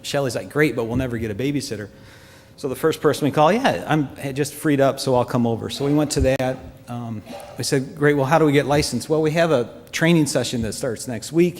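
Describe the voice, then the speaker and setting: A man giving an earnest, heartfelt personal testimony to a congregation, speaking in a halting way. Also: medium pitch, a little mellow. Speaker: church member giving a testimony. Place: church hall. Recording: long church-hall reverb.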